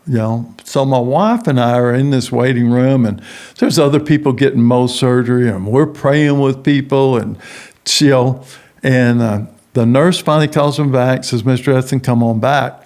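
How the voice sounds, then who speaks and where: A middle-aged man with a gravelly, fry-edged voice tells a personal story as a podcast guest. He talks in an animated way and acts out the doctors, nurses and others he quotes. His pitch sits in the middle for a man. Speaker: guest, prison ministry founder.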